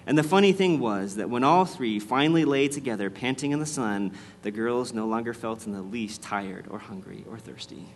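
A man reading a storybook aloud in a measured, expressive way, then speaking to his listeners as the host. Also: medium pitch, a little hiss or hum.

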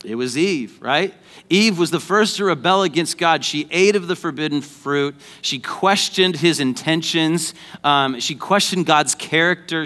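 A man's voice: fairly high pitch, pushed and bright. A man preaching a sermon as pastor, conversational and joking, then rising to emphatic points.

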